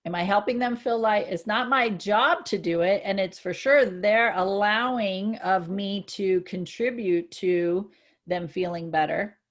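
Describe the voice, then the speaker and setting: A woman co-hosting a casual spiritual chat, earnest and reflective, growing excited when she gives examples. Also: mid-range voice, a little slow. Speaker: co-host.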